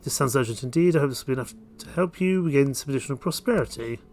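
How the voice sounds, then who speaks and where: A composed royal advisor addresses his king with courtly formality, as a man reads the part. The voice is an everyday middle pitch, and the lines sound like dialogue from a medieval strategy game. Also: lively intonation, racing, a little mellow, a little hiss or hum, lightly acted.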